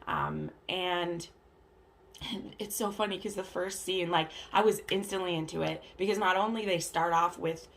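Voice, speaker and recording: A woman with a lowish, gravelly voice chats casually about books, filler words everywhere. She is recording at home in her bathroom on a camera hung from the shower curtain. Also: fairly even intonation, moderate pace, fairly bright tone. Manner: chatty, lots of "like" and "um", acts out characters' lines. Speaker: book vlogger. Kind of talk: casual book chat.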